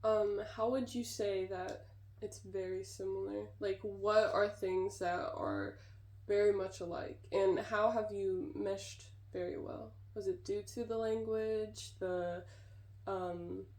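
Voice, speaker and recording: Young female student interviewer, deliberate, hesitant phrasing, echoey room. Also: medium pitch, steady tone, darkish tone. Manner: slow, careful questioning with fillers. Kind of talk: oral history interview questions. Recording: roomy echo.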